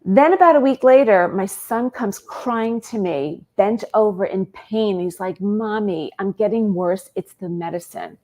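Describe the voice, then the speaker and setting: A woman, a guest on an interview show, telling a personal story in an animated way and acting out bits of dialogue. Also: mid-range voice, unhurried, hardly any pauses.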